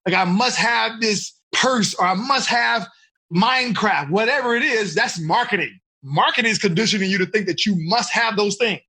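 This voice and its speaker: A man coaching teenagers in a live online seminar, energetic and full of rhetorical questions, on a computer mic. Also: high voice, breathy edge. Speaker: life coach.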